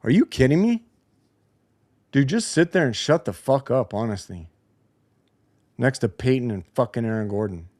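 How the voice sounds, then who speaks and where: A man in the middle of a heated, profanity-laced post-game basketball rant, sounding like a show host tearing into a team. His voice sits at an ordinary middle pitch. The recording is dry and close, with no room echo. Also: animated, normal speed, pauses often, darkish tone. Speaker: podcast host. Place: home basement studio.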